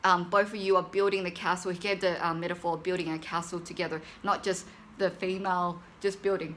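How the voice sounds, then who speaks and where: A woman telling a story in a casual vlog, chatty and animated, with lots of fillers and quotes acted out in a high excited voice. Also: fairly quick, a little hiss or hum. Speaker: vlogger.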